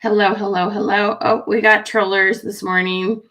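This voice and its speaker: Bright-voiced woman hosting a livestream. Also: mid-range voice, little pitch movement, moderate pace. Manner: friendly, chatty, reacting warmly to viewer comments. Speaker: livestream host. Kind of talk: live stream greeting chat viewers.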